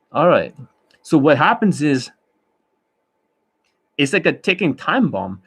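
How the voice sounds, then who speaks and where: A man's voice: a little high, husky. A man who is a dating coach, talking in a rambling, boastful and profane monologue.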